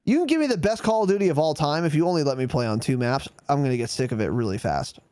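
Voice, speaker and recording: A man co-hosting a gaming podcast, talking in casual chat with a lively voice that swings up and down as he mocks corporate statements. He is sarcastic and swears freely. The sound is dry and close. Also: fairly high pitch, fast, clean tone, no room sound. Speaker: podcast co-host.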